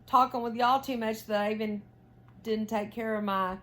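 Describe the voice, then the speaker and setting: A woman's voice: a little high, steady tone, normal speed, a bit bright. A woman, chatting casually to her viewers while she knits, full of fillers and questions and a little tired. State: yawning, tired. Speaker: knitting vlogger. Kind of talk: casual chat while knitting.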